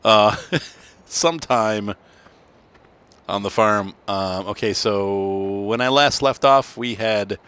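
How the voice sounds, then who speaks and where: A man's voice: lowish voice, steady tone, slow pace, hardly any pauses, a bit bright, clean tone. A tired man hosting a casual farming game playthrough, rambling and correcting himself as he talks. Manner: rambling, self-correcting, yawning. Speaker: gaming channel host.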